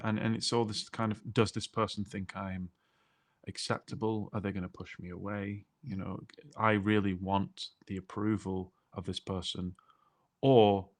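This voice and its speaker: A man co-hosting a podcast, talkative and explaining things step by step. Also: lowish voice. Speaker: podcast co-host.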